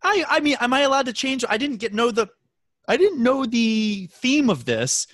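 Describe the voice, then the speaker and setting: A man co-hosting a casual podcast chat, teasing and animated, slipping into sung bits and mock voices. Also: very high voice, normal speed, no room sound, studio quality. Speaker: podcast co-host.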